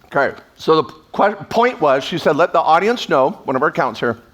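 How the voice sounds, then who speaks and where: A man speaking as a tax attorney at a live event, energetic and sarcastic, slipping into quoted voices, on a stage microphone. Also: a little high, brisk. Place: event stage before an audience.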